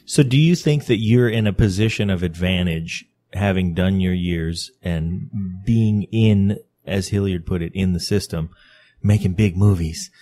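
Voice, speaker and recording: A man hosting a podcast, asking long, measured interview questions. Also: deep voice, dark tone, soft background music. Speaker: podcast host.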